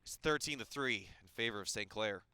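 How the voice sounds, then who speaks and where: A man calling live esports play-by-play, excitable and quick, with jokey asides. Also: lowish voice, clean tone, no echo.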